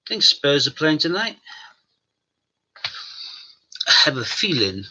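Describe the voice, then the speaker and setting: Big pitch swings mark this man's fairly high, bright, forceful voice, and he speaks a little fast. He hosts a live stream from home, chatting and joking with viewers and with his dog, on dull lo-fi stream audio.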